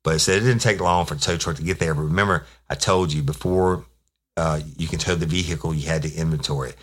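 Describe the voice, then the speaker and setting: A man's voice: rumbling low, fast talker. A middle-aged man, casually telling a rambling, profane police story as podcast host.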